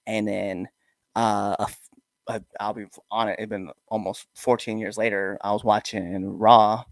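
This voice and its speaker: Podcast host: middle-aged man, low voice, dry close mic, animated storyteller who mimics the people he quotes. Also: moderate pace, no echo. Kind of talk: casual interview chat.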